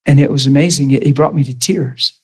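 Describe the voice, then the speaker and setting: A man's voice: mid-range voice, brisk, slightly rough, rough recording. A man, a pastor, preaching a sermon and telling a personal story, acting out the lines of the people in it. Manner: storytelling, acts out quoted dialogue with rising and falling voice.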